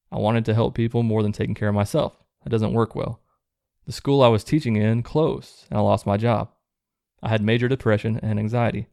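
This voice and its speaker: A man hosting his own show, reading viewer letters aloud in a low-key, plain way and adding relaxed asides between them. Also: creaky, no echo, clean studio sound. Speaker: host reading viewer stories.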